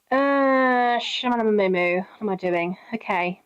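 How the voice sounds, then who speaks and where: British woman, game streamer, chatty and giggly, higher voice, dull lo-fi mic. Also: measured pace. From Britain. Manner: chatty, giggly, talks to chat by name. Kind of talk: casual live-stream chat with viewers.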